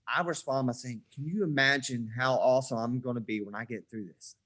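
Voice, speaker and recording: A man's voice: mid-range voice, fairly quick. A man in his forties, a podcast guest, telling stories in a casual chat and acting out the dialogue as he goes. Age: 40s. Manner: animated storyteller who acts out quoted dialogue.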